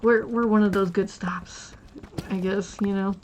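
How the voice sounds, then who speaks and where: A woman's voice: medium pitch, fairly even intonation, unhurried, a little mellow, a little hiss or hum, rough recording. A woman live streamer chatting casually while she plays, rambling through stories with restarts and giggles.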